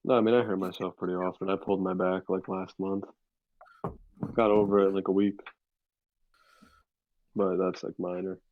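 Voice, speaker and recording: A man's voice: deep voice, level tone, normal speed, long pauses, narrow, tinny audio, a little hiss or hum. A man chatting casually on a podcast, dropping dry teasing remarks. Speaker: podcast co-host. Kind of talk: casual chat.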